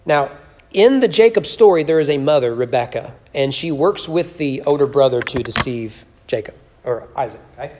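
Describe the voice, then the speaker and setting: A man's voice: mid-range voice, expressive, moderate pace, darkish tone, long reverb tail, slight background noise. A man teaching a church Bible study in a conversational way, often asking "right?" and reading scripture aloud with emphasis. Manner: conversational, repeats words and tags lines with "right?".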